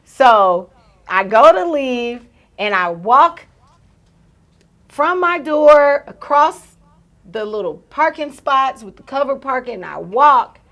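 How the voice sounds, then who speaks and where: A woman in her thirties, a podcast co-host telling a story in casual chat and acting out its shouts and gasps. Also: high-pitched, sing-song, slow pace.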